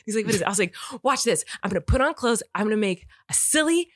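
A woman in her thirties co-hosting a podcast, telling a family story in lively casual chat and acting out the quotes. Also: mid-range voice, quick pace, dry recording, studio quality. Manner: animated storytelling, acts out quotes. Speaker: podcast co-host.

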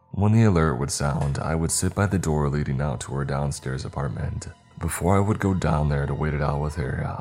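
Male horror storyteller, very low voice, steady delivery, faint music behind. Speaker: narrator.

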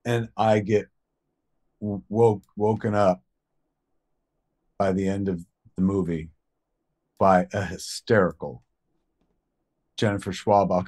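A man's voice: lowish voice, steady tone, takes it slowly, long pauses, darkish tone. Profane, rambling male podcast storyteller. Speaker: podcast co-host. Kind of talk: casual storytelling chat.

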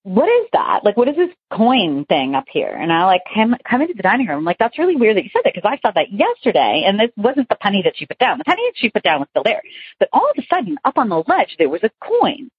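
Animated woman caller, dull lo-fi line. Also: mid-range voice, fast talker, breathy edge, no echo. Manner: rambling, chatty, animated retelling with many fillers. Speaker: caller telling a ghost story. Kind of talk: casual phone-in storytelling.

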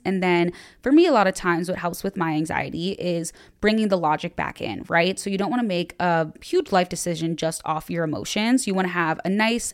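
A woman's voice: on the low side, clear, resonant tone. A young woman hosting a podcast, giving casual advice in a candid, self-deprecating way with lots of "like". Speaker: podcast host.

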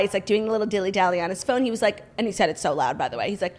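A young woman co-hosts a casual podcast chat. She talks quickly and fills her sentences with "like," in a chatty storytelling way. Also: medium pitch, lively intonation. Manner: chatty storytelling, heavy use of "like". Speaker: podcast co-host.

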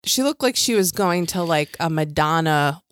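A woman's voice: deep voice, normal speed, dry recording. A woman co-hosting a podcast, rambling through a reality show recap and acting out quotes. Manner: rambling, restarts, animated quoting. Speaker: podcast co-host.

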